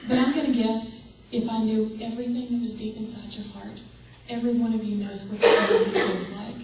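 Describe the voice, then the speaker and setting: A woman's voice: fairly high pitch, a little mellow, recorded from a distance, slight background noise. Woman preaching in an echoey hall. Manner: earnest, asks the audience direct questions. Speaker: speaker. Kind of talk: sermon.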